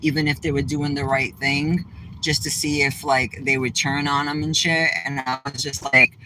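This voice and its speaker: A man's voice: on the high side, level tone, normal speed, pushed and bright, rough recording. A man with a Southeastern Massachusetts accent chatting casually to his viewers from inside his car, rambling and blunt, swearing freely. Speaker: vlogger. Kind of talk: casual livestream chat while driving. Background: faint vehicle noise.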